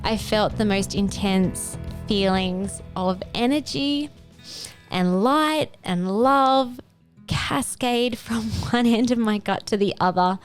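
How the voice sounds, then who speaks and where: Woman host, heartfelt personal monologue, voice lifts when moved, soft music underneath. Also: clear, resonant tone. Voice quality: earnest, emotional. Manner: expressive, rising into pitch when moved. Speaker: functional medicine podcast host. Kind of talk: personal health story monologue.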